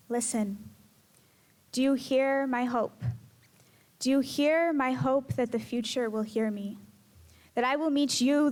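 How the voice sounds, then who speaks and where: A teenage girl reading her own poems aloud in a measured, earnest way. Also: high-pitched. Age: teens. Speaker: student poet. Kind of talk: poetry reading.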